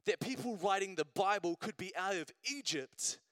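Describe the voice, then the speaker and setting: During a church service, a male preacher gives a relaxed, conversational sermon, repeatedly asking the congregation "right?" and building to emphatic repeated phrases. His voice sits a little high, at a moderate pace, with dry, close sound and no echo.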